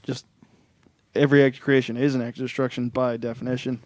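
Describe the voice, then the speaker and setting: A man's voice: medium pitch, flat delivery, quick pace, dry recording. A young man, a band member guesting on a podcast, explaining things in an easygoing way. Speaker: guest musician. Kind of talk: casual podcast chat.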